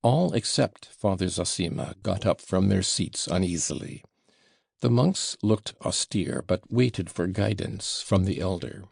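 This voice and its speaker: A man narrating a classic novel in a measured, deliberate reading. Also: low voice, expressive, vocal fry, a little mellow, slightly rough, no room sound, clean studio sound. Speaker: audiobook narrator.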